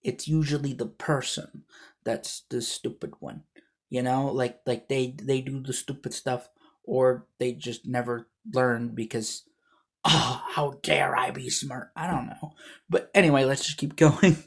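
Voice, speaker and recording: Slow rambling man reacting. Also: medium pitch, steady tone. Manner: rambling, laughing, filler-heavy. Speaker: reaction video host. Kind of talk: casual reaction chat.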